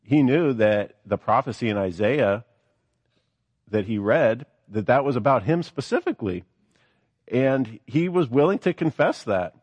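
A man's voice: mid-range voice, expressive, unhurried, darkish tone, slightly rough, no room sound. A man preaching a sermon, reading scripture aloud and then explaining it with earnest, rising emphasis.

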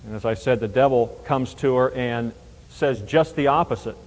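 A man's voice: medium pitch, moderate pace, long reverb tail, rough recording. A man teaching a Bible passage verse by verse, emphatic and explanatory, often asking rhetorical questions.

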